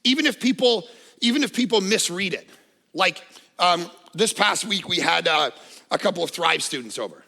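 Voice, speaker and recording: A man in his forties preaching a sermon as pastor, in a lively, conversational storytelling manner with touches of humor, in a church auditorium. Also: high-pitched, moderate pace, creaky. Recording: reverberant church hall.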